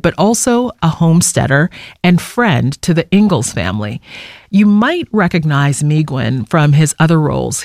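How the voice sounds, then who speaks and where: A man's voice: on the high side, gravelly, darkish tone, no echo, clean studio sound. A man hosting a radio show, telling stories and introducing a guest in a conversational way. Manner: conversational storytelling. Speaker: radio host.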